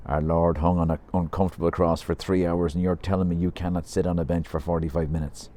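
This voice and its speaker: A man's voice: low voice, little pitch movement, fast, dark tone, close to an everyday voice. A man voicing a devout father in his nineties who lectures his son sternly.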